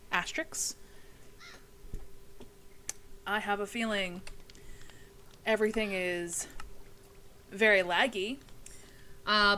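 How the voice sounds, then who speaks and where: Young woman streamer, bright tone, tired but chatty, casual swearing, faint hiss behind her. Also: medium pitch, low-quality recording. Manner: chatty, swears casually, talks to chat while playing. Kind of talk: casual gaming livestream chat.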